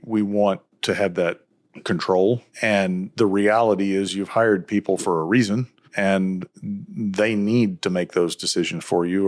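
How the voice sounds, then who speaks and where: A man hosting a podcast interview, affirming his guest and reflecting on the answers. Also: low voice. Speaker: podcast host.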